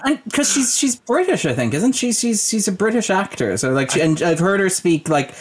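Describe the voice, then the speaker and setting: A man's voice: sits high, sing-song, normal speed, slightly rough. A man co-hosting a casual film podcast over a video call, wry and enthusiastic about movies. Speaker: podcast co-host. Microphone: remote video call.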